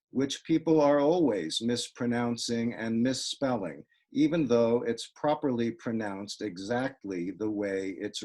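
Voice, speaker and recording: A man reading his own poems aloud over a video call, with a dry, wry deadpan delivery. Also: medium pitch. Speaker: poet reading his work.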